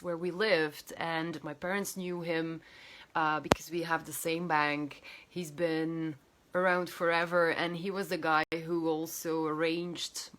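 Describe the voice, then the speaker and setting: A woman coach telling a personal story to camera, animated and emotional, with many fillers and restarts. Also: fairly low pitch, a little slow. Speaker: healer and coach.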